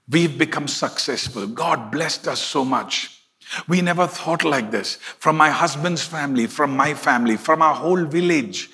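A man voicing a tearful young woman from his congregation, telling her story earnestly and slightly lower than his own voice. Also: a bit bright, natural voice.

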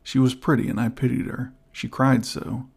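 A man reading the part of a bold frontier scout who speaks low and firm. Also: little pitch movement, moderate pace, creaky, a little mellow, slightly rough. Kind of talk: audiobook character voice.

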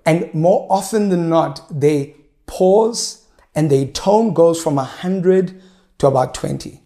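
A man in his thirties, a pastor preaching a sermon in a measured way, slowing down to stress key points. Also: on the high side, dark tone. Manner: measured preaching, slows for emphasis.

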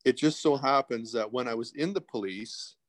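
A man's voice: medium pitch, normal speed. Candid rambling man. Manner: candid, rambling with many restarts and asides. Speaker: podcast guest. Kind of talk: casual interview storytelling.

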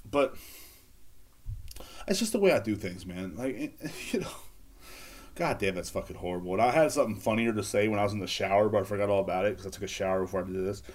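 A man with a fairly low voice talks fast as he hosts a casual solo podcast on a handheld recorder, rambling and telling crude jokes.

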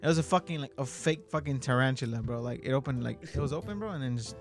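A man's voice: medium pitch, fast, soft background music. A man who works as a delivery driver, telling stories in casual chat and swearing a lot. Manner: profane, animated storyteller.

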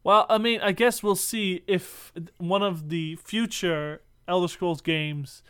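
Guy with a kinda high voice breaking down game lore, reads quotes out, laughs a lot. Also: steady tone, takes it slowly, fairly bright tone, clean tone. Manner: explanatory, reads passages aloud, laughs often. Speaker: podcast co-host. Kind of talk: casual lore discussion.

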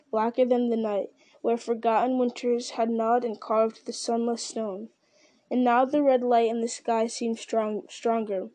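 A woman reads a long story aloud in a mellow, even voice that stays fairly flat. Her pitch sits a little high, and she now and then backs up to restart a phrase. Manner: steady, with occasional restarts. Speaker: reader. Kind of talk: storybook reading.

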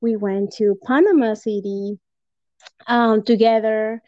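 A woman's voice: fairly high pitch, fairly even intonation, slow pace, no room sound, highs cut off. A woman from Peru, a podcast guest, telling a personal story in casual chat with lots of fillers and laughs. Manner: warm storytelling, laughs often, many fillers. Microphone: home podcast mic.

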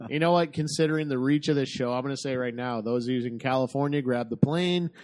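A man's voice: mid-range voice, quick pace, darkish tone. A man co-hosting a podcast, upbeat in casual chat. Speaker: podcast co-host.

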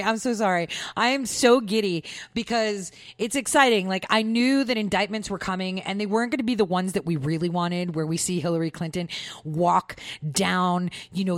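A woman's voice: medium pitch, no room sound, clean studio sound. Chatty, giggly woman talk show host. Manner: chatty, giggly, full of "like" and "you know". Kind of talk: casual opinion monologue.

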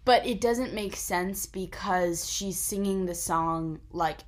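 Young woman, low voice, casual chat. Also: slow. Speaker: podcast co-host.

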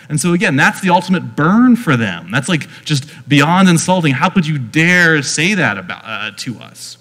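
A man's voice: fairly high pitch, very animated, normal speed, hardly any pauses, a bit bright. Chatty male preacher in a reverberant hall. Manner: conversational, chatty, leans on "like" fillers. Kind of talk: casual teaching sermon.

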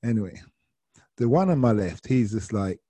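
A man's voice: on the low side, animated, normal speed, warm tone, husky, no echo. Give me a casual London man telling a story from his driving shifts, dry and close. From South London. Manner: casual, slangy. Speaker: ride-hail driver. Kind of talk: anecdotal storytelling.

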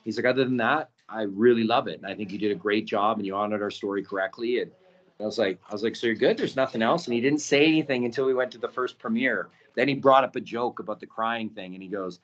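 A man talking as a podcast guest and documentary producer, telling stories in a casual, animated way and acting out quotes, with many "right?" tags. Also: fairly low pitch, fast talker. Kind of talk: casual storytelling. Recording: dull lo-fi audio.

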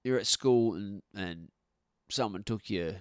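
A man's voice: fairly low pitch, measured pace, no room sound, studio quality. A middle-aged man, hosting a podcast in a blunt, sweary, rambling way full of restarts. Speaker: podcast host. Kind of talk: casual podcast rant. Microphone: podcast microphone.

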